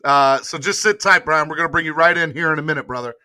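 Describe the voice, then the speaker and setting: A man's voice: fairly high pitch, fast talker, no echo, clean studio sound. A man hosting a casual sports podcast livestream, talking in loose slang and urging viewers to hit like. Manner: animated, slangy, begs viewers for likes. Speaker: podcast host.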